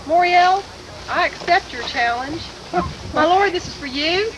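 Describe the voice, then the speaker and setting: High-voiced woman singing a bawdy ballad. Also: animated, a little slow, lo-fi sound, background noise. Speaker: bard performer. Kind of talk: unaccompanied comic folk song.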